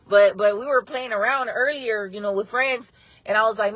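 A woman talks straight to her viewers in a loose, rambling live-stream chat, circling back over the same points. Her voice is bright and forward and sits a little high. The sound is close and dry, with no room around it. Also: moderate pace, no echo. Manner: chatty, rambling, repeats herself, greets viewers.

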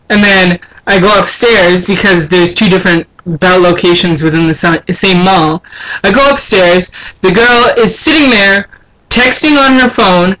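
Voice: mid-range voice, pushed and bright, poor audio. A young adult vlogger complaining in an indignant, exasperated casual rant. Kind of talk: casual ranting vlog.

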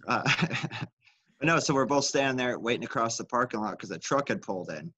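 Man, podcast co-host, casual storytelling, profane, rambling, bright tone. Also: mid-range voice, a little fast, dull audio. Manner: laid-back, profane, rambling.

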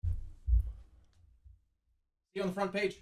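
A man streaming live, chatting casually and reading viewer stories aloud in an excitable, jokey way. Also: sits high, takes it slowly. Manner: excitable, jokey, prone to laughing fits. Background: faint music.

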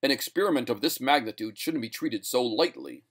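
A stern male scientist with a curt, acid way of speaking, put on by a man. He lectures in a slightly lower, clipped voice. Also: expressive, fairly quick, a bit bright.

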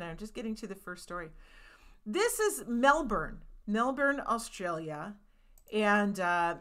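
A woman's voice: fairly high pitch, pushed and bright. A woman hosting a casual livestream, reading viewer comments aloud and chatting about them. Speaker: host. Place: home in rural New England.

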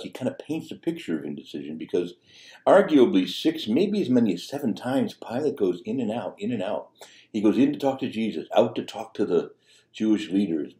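A man's voice: lowish voice, dark tone. A man preaching a sermon as a priest, talking conversationally with fillers and restarts. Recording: echoey room.

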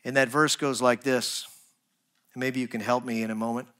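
A man preaching a sermon as pastor, earnest, rising to emphatic points and dropping to soft, quiet asides. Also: mid-range voice, flat delivery, normal speed. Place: church.

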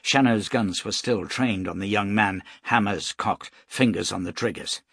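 A man reading an action novel aloud as an audiobook narrator, steady and dramatic. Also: on the low side, unhurried, vocal fry, slightly rough, no echo, clean studio sound. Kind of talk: scripted narration.

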